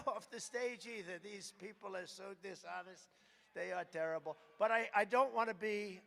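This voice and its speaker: A man's voice: high-pitched, vocal fry, a bit bright. An older man giving a rambling, repetitive campaign rally speech with sarcastic asides. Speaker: political speaker at a rally. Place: large hangar rally venue. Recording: echoey hall from a distance.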